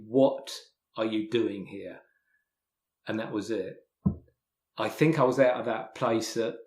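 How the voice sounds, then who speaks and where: English male guest, mid-pitched, halting storyteller who restarts and repeats words, recorded with roomy echo. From England. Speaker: podcast guest, hiker and author. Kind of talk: casual spoken storytelling.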